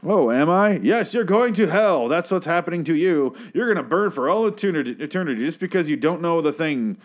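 A man's voice: mid-range voice, wildly swooping pitch, fairly quick. A man voicing a smug stranger who pushily preaches hellfire in a sing-song, certain way. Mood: preachy.

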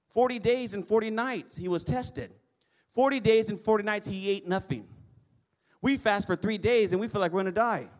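A male pastor preaching a lively sermon, often asking the congregation for an amen. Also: sits high. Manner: lively preaching with call-and-response amens.

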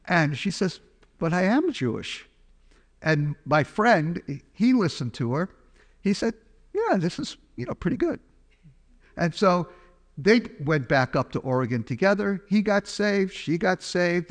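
A man giving a chatty, humorous personal testimony, telling a story to an audience. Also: fairly high pitch. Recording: long hall reverb.

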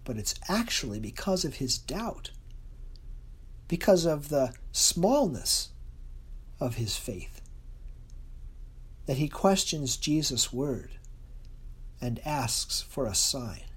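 Lively, husky-voiced preacher. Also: medium pitch. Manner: earnest, expressive delivery with slow, soft emphatic drops. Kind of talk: sermon.

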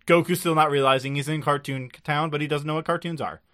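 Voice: mid-range voice, fairly even intonation, fast talker, a bit bright. A podcast co-host recapping episodes in casual chat, rambling with lots of filler words and frequent laughs.

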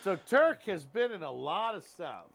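A man's voice: high voice, very animated, normal speed, gravelly, crowd noise. A man co-hosting a podcast in loose, joking, profane casual chat. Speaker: podcast co-host.

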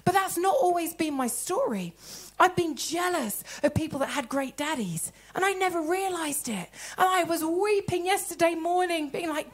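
A woman gives a sermon in a church, her voice sitting high. She tells stories animatedly, acting out both sides of conversations. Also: moderate pace. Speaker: preacher.

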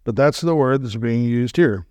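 A man preaching as a guest speaker, animated and emphatic, with joking asides to the congregation. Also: mid-range voice, normal speed, no echo. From Southern California. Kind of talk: sermon.

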